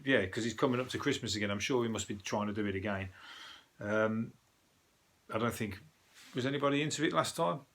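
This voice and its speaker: A man's voice: fairly low pitch, brisk, long pauses, fairly bright tone. A man from Birmingham with a Birmingham accent, a comedian hosting a casual comic news review in a rambling, sweary, scornful way. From Birmingham, England. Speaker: comedian host.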